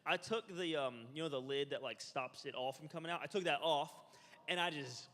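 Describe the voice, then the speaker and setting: A man presenting at a health seminar, lecturing a live audience in an energetic, joking way and quizzing them. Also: fairly high pitch, brisk. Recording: reverberant hall.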